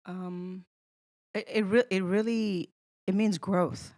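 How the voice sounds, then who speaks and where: A young woman from Iran, a podcast guest, telling a story with animated restarts and acted-out dialogue. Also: mid-range voice, slow, no room sound, studio quality. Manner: animated, restarts often, acts out quoted dialogue. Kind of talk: emotional storytelling in casual conversation.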